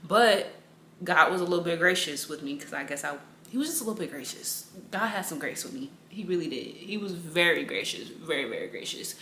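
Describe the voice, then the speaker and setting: A woman's voice: on the low side, lively intonation, a little fast, pushed and bright, roomy sound, a little hiss or hum. A young woman giving a personal faith testimony in a casual, rambling way, with slang and a lot of repetition. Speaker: Bible study teacher.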